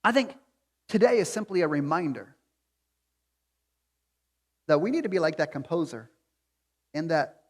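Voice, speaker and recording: A man with a notably high voice preaches a sermon to his church. His delivery swings between hushed, reflective stretches and loud, pleading appeals. The sound rings with the long reverb of a large hall. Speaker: pastor. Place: church sanctuary.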